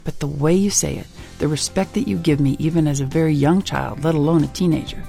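A woman being interviewed as a parenting author, talking in an emphatic, animated way. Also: deep voice, fast talker, vocal fry, soft background music. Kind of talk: interview conversation.

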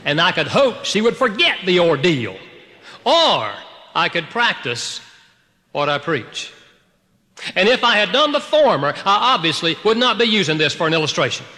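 A man preaching a sermon to a congregation, telling a personal story in an animated way, swinging between loud outbursts and hushed, quiet passages. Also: high-pitched, normal speed, long reverb tail, slight background noise. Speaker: pastor.

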